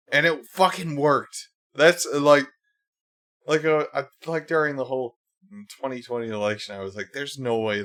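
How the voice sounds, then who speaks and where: Man, livestream host, casual political rant, angry, profane, filler-heavy, mid pitch. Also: fairly bright tone. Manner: heated, profane, many fillers.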